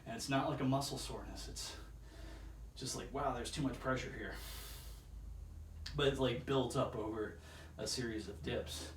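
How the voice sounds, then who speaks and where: A man works out at home on camera, casually rambling and quietly counting reps, a little strained by the exercise. He speaks at medium pitch and normal speed, pausing often. The voice comes from off-mic in an echoey room with chairs, with faint background noise.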